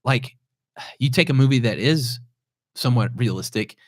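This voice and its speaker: A man's voice: medium pitch, expressive, moderate pace, no room sound. A man in the middle of his range chats on a podcast, circling his points with stops and restarts. The sound is dry and close, with no room around it. His talk stays casual and unscripted. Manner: rambling, many restarts and fillers. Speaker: podcast co-host. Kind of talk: casual chat.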